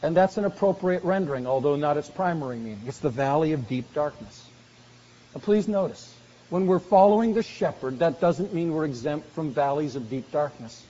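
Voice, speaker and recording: A man preaching a sermon earnestly, slowing down for emphasis and dropping soft on key phrases. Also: fairly high pitch, animated. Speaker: pastor. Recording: dull lo-fi recording in a reverberant hall.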